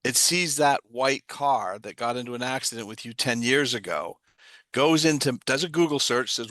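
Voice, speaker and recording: A man's voice: mid-range voice, moderate pace, a bit bright, dry recording. A man giving an explanatory talk, asking himself rhetorical questions and answering them. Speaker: guest speaker on trauma. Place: online livestream.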